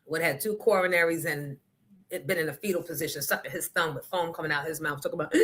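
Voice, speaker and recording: A woman's voice: low-pitched, fast, sharp tone. A woman hosting a livestream talk show, ranting bluntly with lots of profanity and emphasis. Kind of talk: casual livestream rant.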